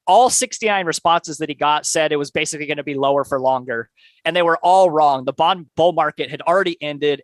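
A man's voice: on the high side, fairly bright tone, dry recording. A man co-hosting a podcast, casually summarizing a book in a loose conversational way, with many filler words. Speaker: podcast co-host.

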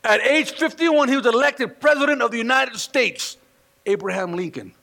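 A man preaching a sermon in church, telling stories with animated delivery and acting out the people he quotes. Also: very high voice, moderate pace, creaky. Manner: animated storytelling, acts out quoted voices. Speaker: pastor. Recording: long reverb of a hall.

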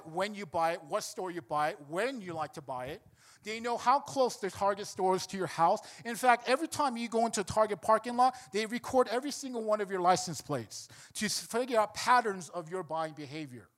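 A man's voice: high-pitched, fairly bright tone. A man preaching a sermon, telling a story and building to emphatic points. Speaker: pastor.

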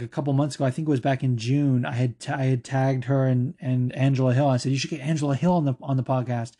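A man's voice: medium pitch, dark tone. A man hosting a podcast, casually answering fan questions in a loose, filler-heavy and profane way. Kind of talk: casual chat.

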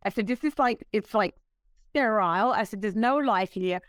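A woman in her sixties, a guest telling stories in a casual interview, animated and laughing, acting out what others said. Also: medium pitch, normal speed, no room sound. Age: 60s. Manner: animated, laughing, acts out quoted voices.

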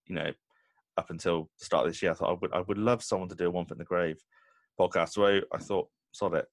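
A man's voice: sits low, fairly even intonation, quick pace, no echo. A man hosting a nerdy sitcom podcast, chatting with enthusiasm and a fan's eagerness. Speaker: podcast host. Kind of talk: casual interview chat.

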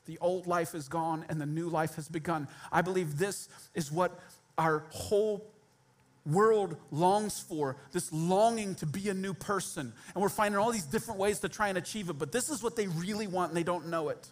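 A man's voice: high voice, normal speed. A man preaching a sermon as pastor, speaking directly and conversationally to his congregation with humorous asides.

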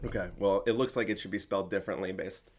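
A man's voice: deep voice, steady tone, quick pace. A man hosting a casual podcast chat, joking and playfully contrarian. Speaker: podcast host.

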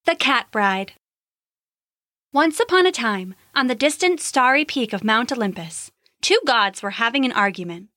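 Bright, expressive woman storyteller. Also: a little high, normal speed, dry recording, clean studio sound. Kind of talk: scripted storybook narration.

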